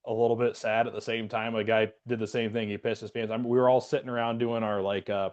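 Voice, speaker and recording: A man's voice: fairly low pitch, little pitch movement, fast, muffled recording. A man, a podcast co-host and Air Force veteran, telling a rambling story in casual chat with lots of fillers. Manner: rambling, many fillers and restarts.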